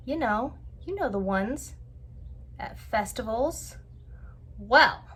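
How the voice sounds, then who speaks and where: A woman hosting a vlog, telling a family story in a chatty, animated way with lots of filler words. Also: fairly high pitch, slightly rough. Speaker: vlog host. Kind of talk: casual storytelling.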